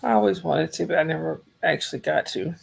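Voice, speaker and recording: A woman from Georgia, chatting softly and rambling on a livestream while losing her voice. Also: low-pitched, a little fast, vocal fry, breathy edge. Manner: soft-spoken, rambling, talks to chat viewers by name. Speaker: livestream host. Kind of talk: casual livestream chat.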